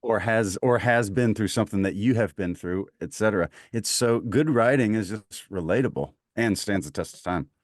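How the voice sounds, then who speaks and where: A man's voice: fairly low pitch, normal speed, few pauses, dry recording, studio quality. A man from Mississippi with a Southern accent, talking enthusiastically as a podcast guest, rambling with lots of fillers. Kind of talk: casual conversation.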